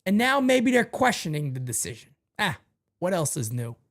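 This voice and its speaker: A male host of a fan show, emotional and ranting, swinging from low muttering to shouting. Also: sing-song, normal speed.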